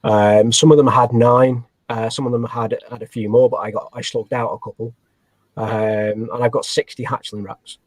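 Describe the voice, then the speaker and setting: A man talks as a guest on a casual podcast. He rambles and restarts often, joking at his own expense. The sound is dry and close, at a middling pitch. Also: flat delivery, normal speed, no echo. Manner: self-deprecating, rambling, many fillers and restarts. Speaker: guest, snake breeder. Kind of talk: casual interview chat.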